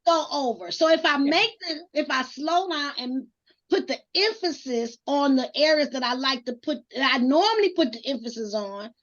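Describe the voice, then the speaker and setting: A high-pitched woman co-hosting a casual group chat speaks earnestly, often correcting herself and asking the others for honest feedback. She sounds animated and a bit bright at a normal speed. The recording is dull and lo-fi.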